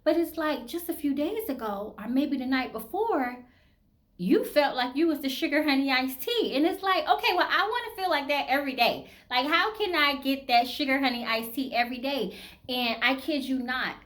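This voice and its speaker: A Southern-accented woman in her thirties chats openly to her audience in a loose, personal way. Her voice sits a little high, and she fills her talk with "you know" and "like.". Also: lively intonation, normal speed, fairly bright tone. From American South. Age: 30s. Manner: candid, chatty, full of fillers like "you know" and "like". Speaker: vlogger. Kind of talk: casual personal chat to camera.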